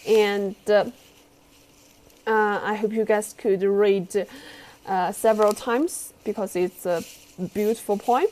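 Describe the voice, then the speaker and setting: A woman with a Chinese accent teaching a class, speaking slowly and patiently as she models tones and has students repeat after her. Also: mid-range voice, fairly even intonation, darkish tone. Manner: slow, patient, careful tone modelling.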